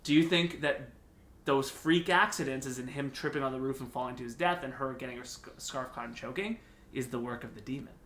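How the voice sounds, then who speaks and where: Bright, excitable young man in an echoey room. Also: brisk. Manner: excitable, rising pitch when making a point. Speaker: podcast co-host. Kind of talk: casual chat.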